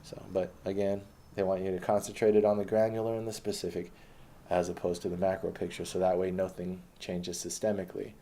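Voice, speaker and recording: A man's voice: low voice, flat delivery, a little fast, mellow. A man delivering an impassioned political monologue, ranting with frequent restarts and hesitations. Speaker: political commentator.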